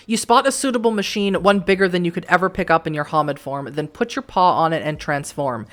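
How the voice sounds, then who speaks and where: A woman's voice: lowish voice, fairly bright tone. A woman streaming a story game, reading its narration aloud and reacting with casual, wry asides. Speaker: let's play streamer.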